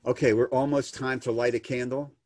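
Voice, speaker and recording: A man's voice: medium pitch, flat delivery, fairly quick, darkish tone, no echo. A man, a rabbi, answering questions over a video call in a folksy, storytelling way, acting out the people he quotes. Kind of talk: answering questions in an online session.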